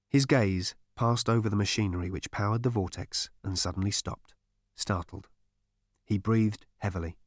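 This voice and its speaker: A man giving an expressive storybook narration with a wry, animated, theatrical delivery. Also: lowish voice, fairly quick, no echo, studio quality. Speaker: audiobook narrator.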